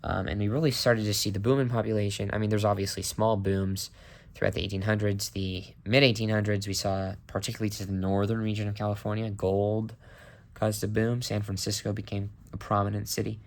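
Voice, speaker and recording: For his history vlog, a man with a fairly low, creaky voice gives a relaxed, unscripted rundown, a casual explainer in which he talks informally and openly shares his opinions. He frequently pauses on a filler "um."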